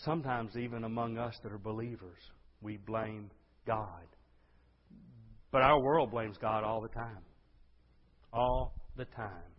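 Impassioned preacher in a reverberant hall. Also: male voice, on the low side, measured pace, long pauses. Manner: swings from hushed to loud impassioned preaching. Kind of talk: sermon. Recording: dull sound with long hall reverb.

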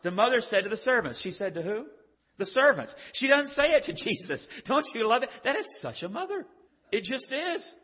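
A man's voice: very high-pitched, sing-song, a little fast, breathy edge. An older man preaching a sermon in a conversational, joking way, acting out the voices in the stories he tells. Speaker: pastor. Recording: dull lo-fi audio with long hall reverb.

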